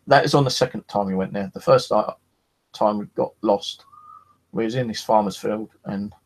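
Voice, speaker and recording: A man's voice: fairly low pitch, moderate pace, rough recording. A man with a rambling, casual way of telling his paranormal experiences, swearing freely and filling gaps with "you know". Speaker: paranormal investigator. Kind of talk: casual storytelling.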